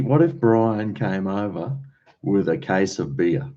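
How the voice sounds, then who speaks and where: Deep-voiced Australian man chatting. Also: lively intonation, slow pace, dark tone. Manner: rambling, chatty, uses slang and mate. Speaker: livestream host. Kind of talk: casual chat with live viewers. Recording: dull lo-fi stream audio.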